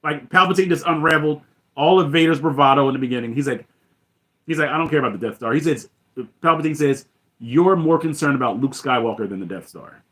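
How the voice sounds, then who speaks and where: A man's voice: on the high side, fast talker, fairly bright tone. A young man hosting a live stream, talking through film scenes in a fired-up way and dropping his voice to quote lines. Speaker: host.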